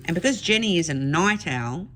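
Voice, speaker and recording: A woman's voice: on the low side, moderate pace, faint music behind. Chatty woman telling a funny story. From Australia. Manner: chatty, laughing, animated retelling. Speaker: craft channel host. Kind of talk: casual storytelling to camera.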